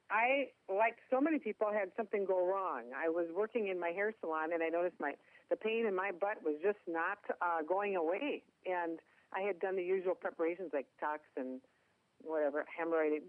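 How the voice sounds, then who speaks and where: A woman's voice: lowish voice, a little fast, dry recording. Woman guest, Minnesota accent, folksy and joking, heard down a phone line. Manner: chatty, self-deprecating humor. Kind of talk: phone interview. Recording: tinny dry phone line.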